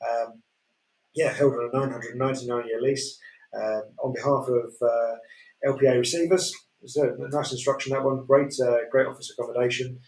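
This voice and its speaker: A man's voice: mid-range voice, steady tone, normal speed, darkish tone. A man presenting property lots on a live auction show, chatty and hesitant with lots of fillers. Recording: roomy echo.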